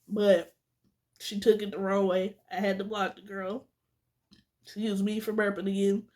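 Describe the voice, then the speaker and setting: A woman's voice: mid-range voice, fairly even intonation, a little slow, a little mellow. A young woman vlogger telling a storytime rant to her viewers, candid and venting, talking straight to the camera.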